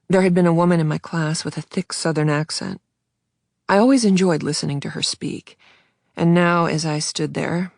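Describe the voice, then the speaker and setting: Gravelly woman narrating a tense thriller. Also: deep voice, no echo, studio quality. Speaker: audiobook narrator. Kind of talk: first-person thriller narration.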